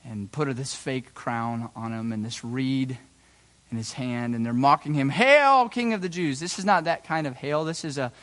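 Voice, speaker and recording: Preaching at a normal speed, this man sinks into quiet, low passages, then climbs into loud, high-pitched excitement. The pastor also slips into folksy asides, tripping over and restarting words as he talks.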